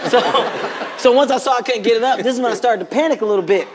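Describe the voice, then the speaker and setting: High-voiced man telling an animated anecdote. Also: rapid-fire, in a large hall, crowd noise, background noise. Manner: animated, self-mocking storytelling. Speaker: talk show guest. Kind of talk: talk show anecdote.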